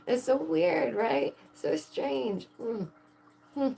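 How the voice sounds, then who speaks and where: A woman vlogger chatting to camera, excitable and full of rhetorical questions to her viewers, laughing often. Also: sits high, drawn-out words, vocal fry, slight background noise. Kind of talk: casual chat to camera.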